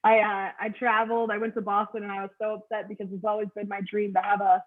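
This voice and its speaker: A woman's voice: mid-range voice, flat delivery, a little fast. A middle-aged woman doing a stand-up comedy set over a video call, with a crude, offhand delivery. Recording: tinny phone-like video call audio.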